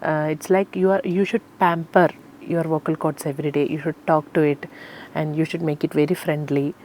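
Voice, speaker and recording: A woman's voice: deep voice, fairly even intonation, normal speed, darkish tone, a little hiss or hum. A woman from Kerala, a Carnatic singer answering interview questions in an earnest, explanatory way with many fillers. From Kerala, India.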